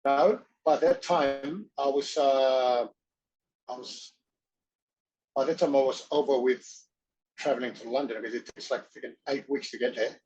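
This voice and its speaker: A man's voice: medium pitch, normal speed, slight background noise. A middle-aged man, an actor and wrestler, chatting as an interview guest, acting out the voices of people in his stories. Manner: animated, acts out others' voices in his anecdotes. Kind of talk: casual storytelling chat. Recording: dull, muffled audio.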